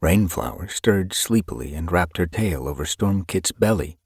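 A man narrating an audiobook with expressive storytelling. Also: deep voice, normal speed, slightly rough, no echo, studio quality. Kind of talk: scripted narration.

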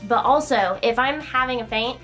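A young woman vlogger telling a story in a chatty, animated way, now and then talking to her dog. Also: a little high, moderate pace, faint music behind. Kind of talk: casual storytelling vlog.

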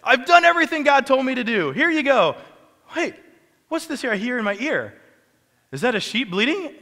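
A man's voice: extremely high pitch, big pitch swings, normal speed, pushed and bright, in a large hall, voice pushed up, full character voice. A preacher putting on the voice of a sarcastic old male prophet who feigns innocent surprise, teasing and mock-innocent.

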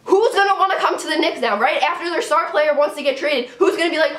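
A young woman with a sinus infection ranting casually to camera as a sports vlogger, animated and exasperated, often asking "right?". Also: very high voice, roomy sound. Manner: animated, exasperated, talks in quick bursts with many "right?"s. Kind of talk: casual fan rant to camera.

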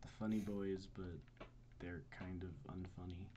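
A man's voice: low voice, little pitch movement, normal speed, mellow, highs cut off. A man co-hosting a podcast in casual chat, teasing his friends and laughing often. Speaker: podcast co-host.

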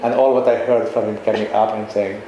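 A man's voice: on the low side, level tone, fast, dark tone, reverberant, highs cut off, a little hiss or hum. A man chatting casually, laughing as he tells a story about his kids. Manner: chatty, laughing, many fillers. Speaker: guest speaker. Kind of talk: conversational talk.

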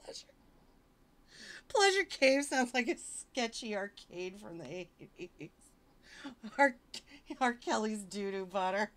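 A woman's voice: medium pitch, lively intonation, slow pace, pauses often, fairly bright tone. Woman streamer, casual livestream reading, wisecracking and mock-exasperated between passages. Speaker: streamer reading fiction aloud.

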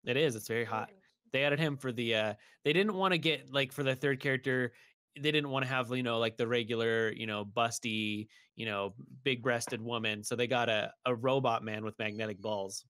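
Brief: young male podcaster, bright forceful tone, dry close mic, rambling storyteller. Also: mid-range voice, normal speed, clear, resonant tone, dry recording. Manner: rambling, animated storytelling with shouted impressions. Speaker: podcast co-host. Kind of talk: casual chat.

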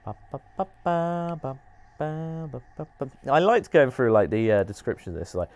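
Animated man commenting on a game. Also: mid-range voice. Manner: chatty, animated, quick to laugh and react to the game. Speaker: streamer host. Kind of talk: live game-stream commentary.

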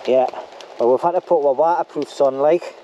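A man's voice: a little high, moderate pace, muffled recording, background noise. A middle-aged man, chatting jokily to a handheld camera outdoors at a wild camp, using dialect slang. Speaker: vlogger on a camping trip. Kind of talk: casual outdoor chat to camera. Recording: outdoor camera audio with loud rain.

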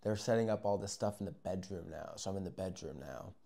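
A young man telling a casual, rambling story, acting out moments with yells and whispers. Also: low-pitched, quick pace, creaky. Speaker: vlogger.

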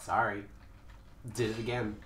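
A young man rambling and joking as he streams a game, now and then breaking into sudden loud outbursts. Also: lowish voice, level tone, moderate pace. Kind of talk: casual live-stream commentary. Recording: echoey room with faint noise.

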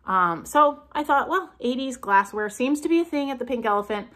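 A woman's voice: high voice, animated, moderate pace, a bit bright. A woman, a thrift vlogger, chatting casually through a haul video and gushing over each item she unwraps.

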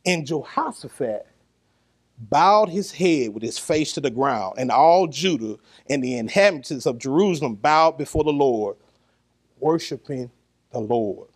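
A man preaching a sermon, animated and lively, laughing and calling the congregation to answer back. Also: mid-range voice, a little slow, breathy edge.

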